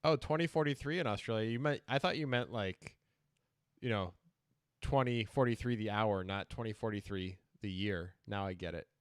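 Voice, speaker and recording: Dude breaking down poker hands, dry wry jokes, close dry mic. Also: male voice, on the low side, moderate pace, clean tone, dry recording. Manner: dry, wry humor mixed with hand analysis. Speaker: poker commentator. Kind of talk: casual live-stream commentary.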